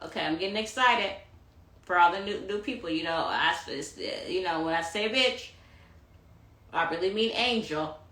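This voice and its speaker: On an Instagram live phone stream, a tarot reader rants about astrology in a lowish, bright, forceful voice at normal speed, with a roomy sound. She's sassy and profane, pushing self-love and calling her listeners honey.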